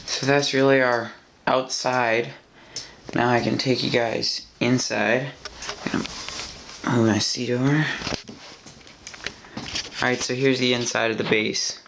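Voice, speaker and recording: Slow, gravelly-voiced man giving a tour. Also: mid-range voice, level tone, noisy background. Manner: rambling, halting with many restarts. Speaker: LEGO builder showing his model. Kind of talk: casual show-and-tell.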